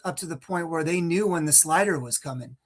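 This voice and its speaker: A man's voice: on the high side, brisk. A man in his forties from California, co-hosting a sports podcast and telling stories casually, with restarts and the odd laugh. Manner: storytelling, with restarts and a laugh now and then. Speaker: podcast co-host.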